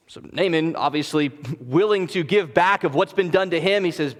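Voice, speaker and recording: High-voiced pastor preaching earnestly. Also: male voice, expressive, fast talker, a bit bright. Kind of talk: sermon. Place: church sanctuary. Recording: long church reverb.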